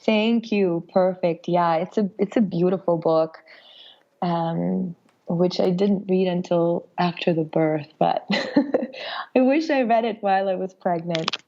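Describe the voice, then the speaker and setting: A young woman with a raspy, hoarse voice from a cold, speaking gently and reflectively as a podcast guest, with many fillers and restarts. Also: on the low side, takes it slowly, highs cut off. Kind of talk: casual conversation.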